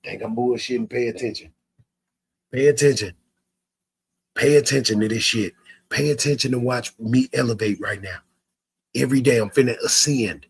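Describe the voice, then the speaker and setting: A man's voice: medium pitch, a little fast, creaky, breathy edge. A man streaming live, ranting at his chat in a profane, repetitive way with stammered restarts.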